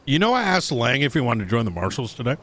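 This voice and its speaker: A man's voice: medium pitch, very animated, fast talker, fairly bright tone. A man streaming a role-play game, bantering and giving orders in character. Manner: bantering, laughing, bossy in character.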